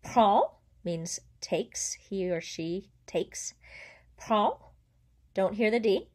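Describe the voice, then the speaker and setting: A woman gives a patient pronunciation lesson. Her delivery is clear and careful, and she slows down on each example word. Her pitch sits in an ordinary middle range. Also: dark tone. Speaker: French teacher. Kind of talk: language lesson.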